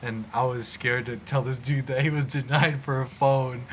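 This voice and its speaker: A man's voice: mid-range voice, moderate pace. A young man from Arizona, hosting a podcast and telling a story casually, acting out the voices of the people in it. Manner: animated storyteller, acts out quoted voices. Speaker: podcast host. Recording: faint background noise.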